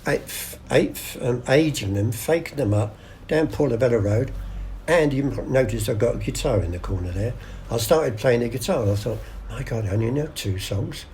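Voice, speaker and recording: A man's voice: medium pitch, darkish tone, a little hiss or hum. An older man, telling stories in a casual interview and acting out the voices of people in them. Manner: chatty yarn-spinner acting out voices, many restarts. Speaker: guest storyteller.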